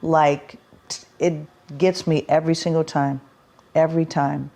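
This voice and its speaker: In an interview, a middle-aged woman musician speaks heartfelt about performing, restarting her sentences and laughing easily. Her voice is low, gravelly and warm, with a flat, slightly slow delivery.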